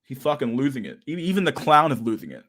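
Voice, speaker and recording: A man's voice: medium pitch, very animated, quick pace, a bit bright. A young man hosting a casual livestream chat, talking in a profane, slangy and sarcastic way, often laughing. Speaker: livestream host.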